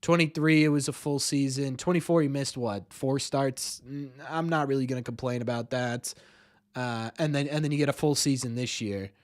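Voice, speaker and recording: A man's voice: mid-range voice, moderate pace. A man hosting a live-streamed sports talk show, rambling, repeating words and ending many lines with "right?". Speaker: podcast host.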